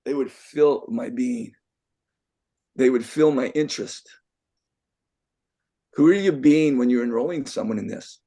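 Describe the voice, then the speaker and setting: A man's voice: mid-range voice, a little slow, pauses often, dark tone. An older man, a life coach, giving an emphatic motivational talk to a group, repeating himself and firing rhetorical questions. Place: event room with a live group.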